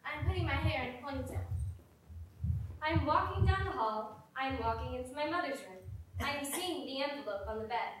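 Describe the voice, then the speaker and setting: A woman's voice: sits high, lively intonation, moderate pace, fairly bright tone, a little hiss or hum. A woman performing a theater monologue, narrating her own actions step by step. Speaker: stage actor. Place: theater stage. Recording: echoey hall, far from mic.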